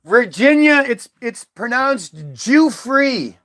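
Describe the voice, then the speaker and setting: Male streamer with a high voice, ranting loosely, casual profanity. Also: expressive, measured pace, a bit bright. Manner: rambling, profane, reads aloud from screen. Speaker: livestream host. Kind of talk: rambling livestream monologue.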